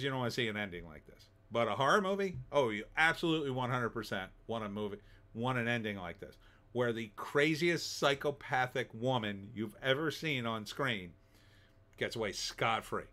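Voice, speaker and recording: A man's voice: mid-range voice, fairly bright tone. A middle-aged man giving a casual, rambling spoken movie review, full of fillers and restarts. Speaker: film reviewer.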